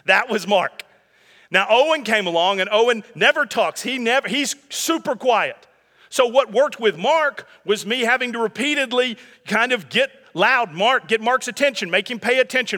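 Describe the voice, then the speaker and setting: A man's voice: very high voice, animated, normal speed, sharp tone, big-room sound. A man in his thirties preaching a sermon in a conversational way, with humor and asides to the congregation. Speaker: pastor.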